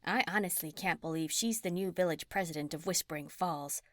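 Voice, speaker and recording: A woman voicing a calm older woman who is quietly worried. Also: on the low side, brisk, dry recording, clean studio sound, natural voice. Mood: concerned.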